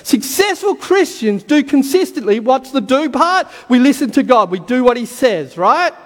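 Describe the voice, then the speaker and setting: A man preaching a sermon with fervour, repeating key lines and building to shouts, his voice going hoarse. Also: very high-pitched, big pitch swings, normal speed, in a large hall.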